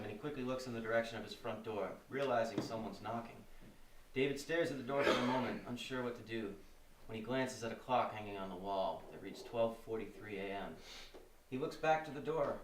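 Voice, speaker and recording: A man narrating the stage directions at a live script reading, with a steady, descriptive delivery. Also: mid-range voice. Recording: roomy stage sound from far off, faint noise.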